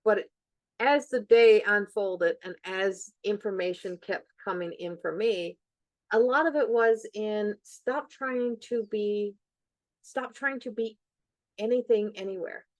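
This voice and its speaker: A woman's voice: mid-range voice, slow, dry recording. A middle-aged woman hosting a podcast, talking in an earnest, reflective way and repeating phrases for emphasis. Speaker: podcast host. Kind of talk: reflective casual chat.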